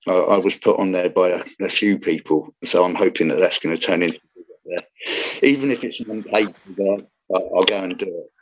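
Guy rambling w lots of restarts, kinda low voice, dull muffled audio. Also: brisk. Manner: rambling, many restarts and laughs. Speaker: comedian guest. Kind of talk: casual interview chat.

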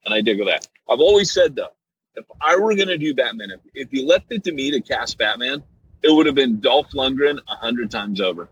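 Husky, joking man on a podcast. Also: medium pitch, animated, a little fast, no room sound, muffled recording. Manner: enthusiastic, joking, banters. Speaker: podcast co-host, author. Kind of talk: casual podcast chat.

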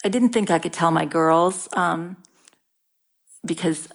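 A middle-aged woman talking candidly in an interview, halting often and restarting her sentences. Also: fairly low pitch, creaky. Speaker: guest sharing her cancer story. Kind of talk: casual interview talk.

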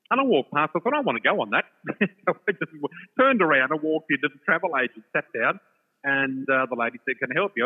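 Excitable man on a phone line. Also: a little high, slightly rough. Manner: excitable, laughs often, acts out other voices. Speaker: storyteller guest. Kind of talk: animated personal anecdote. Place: shopping centre. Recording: tinny phone line with long reverb.

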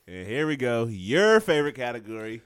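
A man's voice: mid-range voice, very animated, a little fast, clean tone, no room sound, studio quality. A man co-hosting a casual podcast, playfully reading out lists and laughing often. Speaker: podcast co-host.

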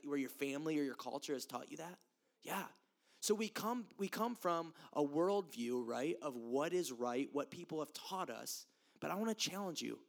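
A young man from the United States giving a casual, earnest sermon, talking straight to his listeners and laughing at himself now and then. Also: on the high side. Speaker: youth preacher.

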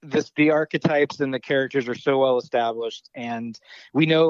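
A man's voice: medium pitch, moderate pace, smooth, no room sound, highs cut off. A man co-hosting a podcast, chatting casually about a film, rambling, laughing easily and swearing now and then. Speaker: podcast co-host. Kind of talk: casual chat.

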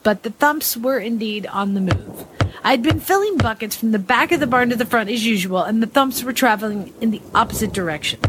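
A woman reading a listener's spooky story aloud, dramatic and expressive as she acts out the suspense and fright. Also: a little high, a little fast, noisy background.

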